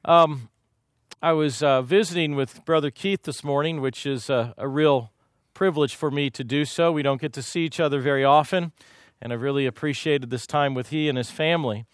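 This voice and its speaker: A man's voice: a little high, moderate pace, no echo, studio quality. A man from Kansas preaching a sermon, telling folksy, humorous stories from his own life. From Kansas, USA. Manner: folksy, humorous, lively anecdotes. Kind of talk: sermon with personal storytelling.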